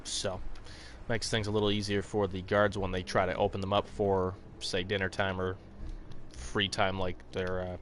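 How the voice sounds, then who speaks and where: A man's voice: low voice, monotone, normal speed, a bit bright, slight background noise. A man casually commenting on a live game stream, rambling with fillers, chatting with viewers by name and swearing now and then. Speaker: gaming streamer.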